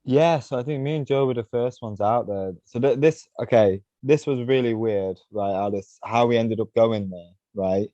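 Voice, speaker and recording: A man spins a loose, rambling story as a podcast guest, constantly tossing in "you know" and "right?". His dark, mellow, medium-pitched voice moves at a moderate pace with few pauses, sitting close and dry on a slightly dull, lo-fi recording with no echo.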